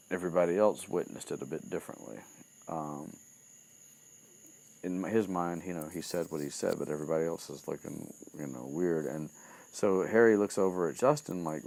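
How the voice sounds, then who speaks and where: Low, gravelly man retelling a story. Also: darkish tone. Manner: filler-heavy, swearing, loose retelling. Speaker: podcast host retelling a book. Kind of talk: casual chat.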